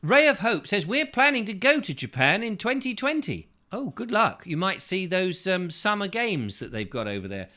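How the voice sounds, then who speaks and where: Lively, bright-voiced man. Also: high-pitched, moderate pace, few pauses. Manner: playful, rambling, pops into silly character voices. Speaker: host. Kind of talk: casual chat reading viewer comments.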